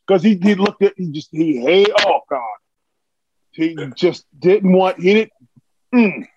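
A man telling stories as a podcast guest in a casual, animated, excitable way. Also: high voice, normal speed, highs cut off, very noisy. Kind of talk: casual storytelling.

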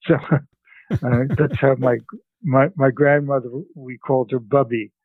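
Older guy telling a story slow, gravelly, tinny phone sound, dry. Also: medium pitch, level tone, dry recording. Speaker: guest, scholar. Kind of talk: interview, storytelling. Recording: phone-like line.

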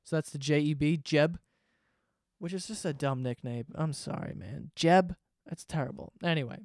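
A man's voice: on the high side, normal speed, no echo, studio quality. A man ranting sarcastically and swearing freely in a casual comedic monologue, host of his own podcast.

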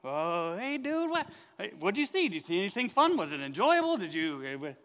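Guy doing a super excited shepherd yelling to the neighbors, high n bouncy. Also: a little fast, big-room sound, exaggerated voice. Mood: overjoyed. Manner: shouting, exclaiming, excited. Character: joyful shepherd man, exuberant and loud.

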